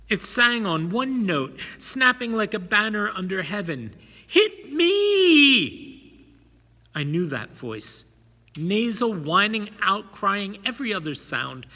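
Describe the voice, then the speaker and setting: A man reading a dramatic story aloud with expressive emphasis. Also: high-pitched. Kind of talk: dramatic audiobook narration. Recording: long hall reverb.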